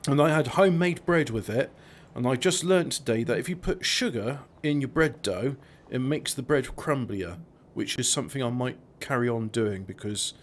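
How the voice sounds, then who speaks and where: A man's voice: mid-range voice, a little hiss or hum. A man chatting casually while gaming, rambling with frequent stammered restarts.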